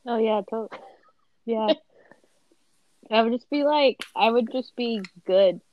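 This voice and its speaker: A young woman chatting casually in a soft-spoken, slightly hesitant way. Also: on the high side, slow pace, highs cut off. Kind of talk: casual chat.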